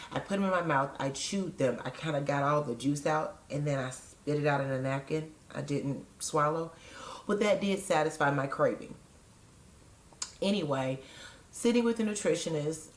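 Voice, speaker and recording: A woman's voice: sits low, echoey room. A woman vlogging in a casual, chatty way, frank and digressive, with joking asides. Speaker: vlogger sharing weight-loss surgery experience.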